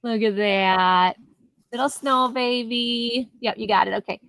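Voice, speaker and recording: A chatty woman runs a casual live sale from her home near the garage, describing items and laughing easily. Her voice is on the high side and fairly bright, with fairly even intonation and a measured pace, on a dry, poor-quality recording.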